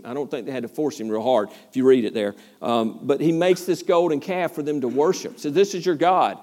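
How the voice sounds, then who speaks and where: A man teaching a verse-by-verse Bible study as a pastor, preaching with energy, acting out voices and questioning his listeners. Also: a little high. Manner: animated preaching, acts out complaining voices, asks the listeners questions.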